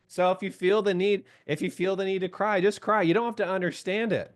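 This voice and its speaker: A man's voice: high voice, fairly even intonation, normal speed. Chatty man coaching, laughing and asking "right?". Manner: chatty, asks the audience questions, laughs often, keeps saying "right?"; reads out and answers viewers' comments by name. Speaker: coach leading a group call. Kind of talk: casual coaching talk on a live call.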